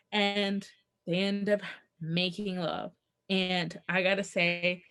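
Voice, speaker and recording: Lower-voiced woman retelling a story. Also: gravelly, slight background noise. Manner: animated plot retelling, quoting characters. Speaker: podcast co-host. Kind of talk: casual book discussion.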